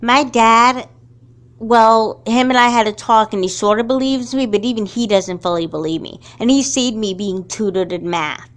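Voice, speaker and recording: A woman's voice: a little high, normal speed, lightly acted. A woman voicing an angry, hurt schoolgirl who accuses her friend in a fan doll movie. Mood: indignant. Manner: indignant, accusing.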